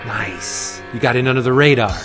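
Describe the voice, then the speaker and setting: A man's voice: medium pitch, normal speed, over music. A man co-hosting a comics podcast in casual, joking banter, laughing often. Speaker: podcast co-host.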